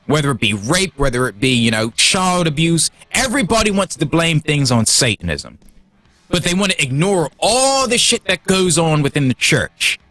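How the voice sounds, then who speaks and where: A man's voice: fairly high pitch, very animated, moderate pace, bright, forceful tone, no room sound, faint music behind. A man hosting a livestream, heated and profane, stumbling over restarts as he gets worked up. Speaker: livestream host. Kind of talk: casual livestream rant.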